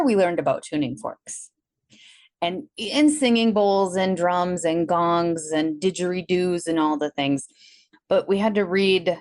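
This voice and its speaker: A woman with a Wisconsin accent speaks in a fairly low voice, talking as an interview guest over a video call. She is animated and jumps into a higher voice whenever she acts out her own past thoughts. The sound is dry and close. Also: dry recording. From Milwaukee, Wisconsin. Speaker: guest, energy healer. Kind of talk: casual interview storytelling.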